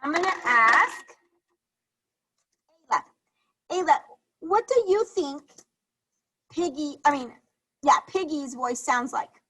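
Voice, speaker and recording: A woman's voice: high voice, lively intonation, slow, long pauses, sharp tone, rough recording. A woman teacher on a video call, leading a reading lesson for young children, encouraging and repeating questions to the class.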